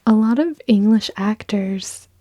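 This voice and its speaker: An American woman hosting a soft-spoken interview, asking gentle, half-whispered questions. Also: medium pitch, takes it slowly, dry recording, clean studio sound. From United States. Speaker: interviewer, ASMR host.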